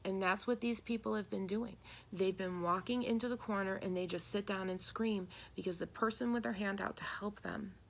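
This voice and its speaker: In a steady, mid-range voice at normal speed, a woman channels spiritual messages and reads tarot. She speaks earnestly, asks her listeners rhetorical questions, and acts out the voices she quotes.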